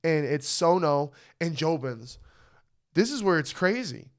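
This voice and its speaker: A man co-hosting a podcast, telling a story in casual chat, animated and swearing, often asking "you know what I mean". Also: on the high side, measured pace. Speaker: podcast co-host.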